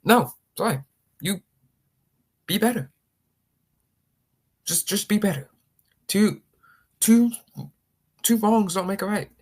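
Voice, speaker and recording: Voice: mid-range voice, animated, slow, long pauses, breathy edge. A rambling political commentator talking casually, with many restarts and mocking impressions of opponents.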